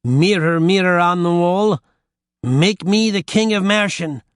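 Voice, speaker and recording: A man's voice: sits high, a little slow, clean tone, no room sound, studio quality, pitched above the performer's own voice. A man voicing a pushy, impatient oil salesman in an audiobook. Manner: bellowing, impatient.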